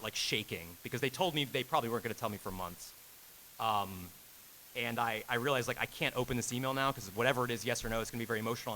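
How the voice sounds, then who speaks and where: A man in his thirties, a game director speaking on a convention panel, tells the live audience a long story about himself. His voice remains bright and forward; he laughs as he talks and voices each quoted line with sudden leaps in pitch. There's a faint hiss under this low-quality recording.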